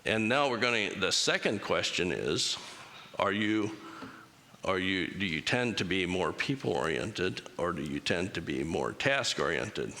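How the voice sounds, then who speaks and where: A man's voice: low-pitched, lively intonation, unhurried, bright, forceful tone. A man giving an interactive church talk, casual and joking, asking the congregation to raise hands. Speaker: church speaker. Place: chapel. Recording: long chapel reverb.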